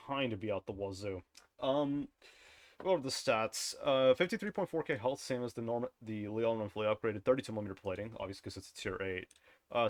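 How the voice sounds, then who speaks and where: A game content creator with a lowish voice, recorded without echo, casually reviews a game's dev blog while commenting over the screen. He rambles offhandedly, often corrects himself mid-sentence, and chuckles at his own jokes.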